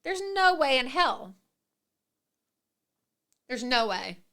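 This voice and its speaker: Her high, sing-song voice moves slowly and has a sharp tone. As host of a political talk show, this woman rants indignantly through opinionated commentary, breaking into laughter mid-sentence.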